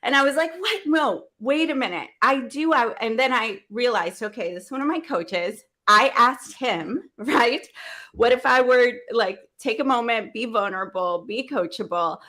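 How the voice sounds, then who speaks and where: A woman's voice: a little high, normal speed. A woman hosting a business panel, telling a personal story animatedly and acting out the dialogue. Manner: animated, acts out dialogue, laughs often. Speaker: event host.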